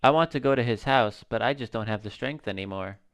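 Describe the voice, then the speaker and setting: A man's voice: medium pitch, fairly quick, fairly bright tone, lightly acted. A man reading a worn-out weary mother. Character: worn-out middle-aged mother, woman. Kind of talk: reading game dialogue aloud.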